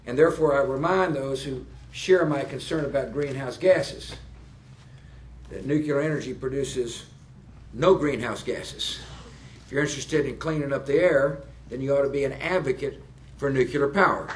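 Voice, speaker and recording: A man in his sixties giving a public speech to plant workers, folksy and halting, with fillers and joking asides. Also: medium pitch, a little hiss or hum. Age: 60s. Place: nuclear power plant, indoors.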